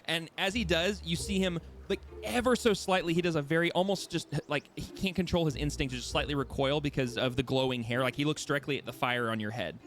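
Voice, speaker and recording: A man's voice: fairly high pitch, fast, hardly any pauses, fairly bright tone. Hesitant man narrating as game master. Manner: hesitant, many ums and restarts, descriptive.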